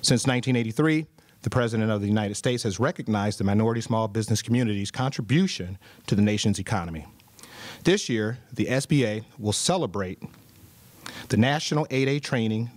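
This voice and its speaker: A man's voice: on the low side, fast, no room sound. Man presenting an award at a podium. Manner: upbeat, reads prepared remarks with small asides. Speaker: government official presenting an award. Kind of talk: formal award speech. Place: conference hall.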